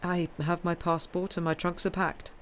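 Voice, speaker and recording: A woman's voice: fairly low pitch, fast talker, a little hiss or hum, lightly acted. Give me a resigned young soldier with a dull, weary voice, read by a woman. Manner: flat and weary.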